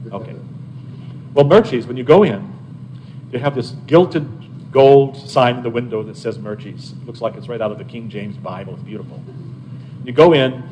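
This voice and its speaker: An older man spins personal stories for a gathered crowd, leaning into the telling and now and then asking his listeners questions. His voice sits at an everyday middle pitch. A faint hiss runs underneath. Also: poor audio. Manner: animated anecdotal storyteller, chats with listeners. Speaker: abbot. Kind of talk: storytelling to a live audience.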